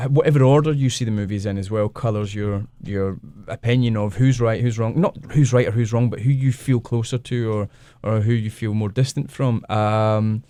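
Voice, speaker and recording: A man's voice: mid-range voice, darkish tone, no room sound. A middle-aged man with a Glasgow Scottish accent, a guest actor chatting on a radio show, self-deprecating and often laughing as he tells stories. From Scotland. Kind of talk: casual radio interview chat.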